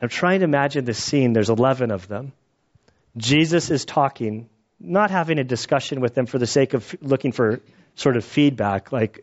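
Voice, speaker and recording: A man's voice: medium pitch, animated, moderate pace, highs cut off. A man giving a casual Bible teaching, conversational and acting out quotes with the odd laugh.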